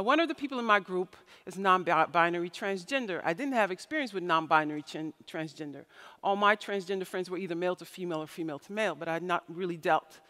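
Delivering a keynote in a large conference hall, a woman tells stories with lots of expression and mimics the voices of the people she quotes. Her voice sits fairly low and has a fairly bright tone, and the hall's reverberation is audible in the recording.

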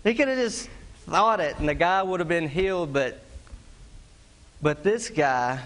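A man's voice: a little high, fairly bright tone. A middle-aged man, preaching a sermon in a folksy storytelling way, chuckling at his own tale and mimicking animal calls. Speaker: pastor.

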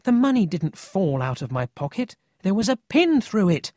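A man's voice: high voice, sing-song, moderate pace, darkish tone, no echo, studio quality, pitched above the performer's own voice. A man voicing an eager young schoolboy who speaks earnestly in a storybook reading.

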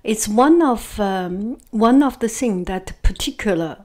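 Woman, Chinese accent, native Chinese speaker, unhurried reflective vlog talk, mid-range voice, repeats phrases. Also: medium pitch, expressive, mellow. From China. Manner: repeats words, halting phrasing with fillers. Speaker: vlogger. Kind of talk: casual reflective monologue.

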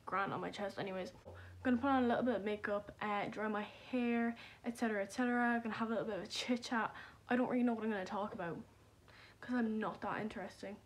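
A young woman, chatting casually and rambling with self-deprecating humor in a vlog filmed on her phone at home. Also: fairly high pitch. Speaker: vlogger. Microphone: phone camera.

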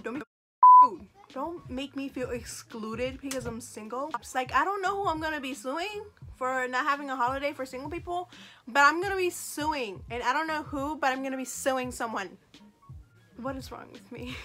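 A woman's voice: high-pitched, pushed and bright. A woman vlogger chatting casually to camera in a sassy, joking, self-mocking way. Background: faint background music.

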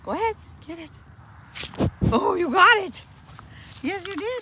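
A woman with a high voice sweet-talks her rescue animals in cooing baby talk. Her pitch bounces up and down as she fusses over them in this casual vlog. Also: lively intonation, measured pace, pushed and bright. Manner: coos to animals in sing-song baby talk.

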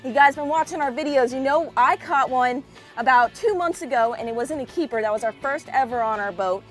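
A young woman vlogging from a fishing boat outdoors, chatting casually and bursting into excited shouts. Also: high voice, brisk, soft background music. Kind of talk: casual vlog commentary.

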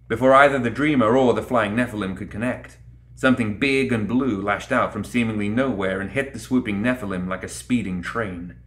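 Deep-voiced man narrating a fantasy tale. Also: fairly bright tone. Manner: measured, dramatic storytelling. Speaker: audiobook reader. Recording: roomy echo.

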